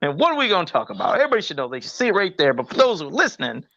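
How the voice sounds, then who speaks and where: A man's voice: sits high, huge pitch swings, racing, sharp tone, dry recording, muffled recording. A man co-hosting a podcast, talking casually with frequent exclamations and curses. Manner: exclamatory, swears often. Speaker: podcast co-host. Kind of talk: casual chat.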